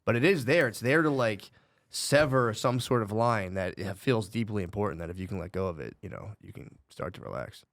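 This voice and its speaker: A man in a casual podcast conversation, telling stories in a profane, animated way. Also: fairly low pitch, a little fast, no room sound.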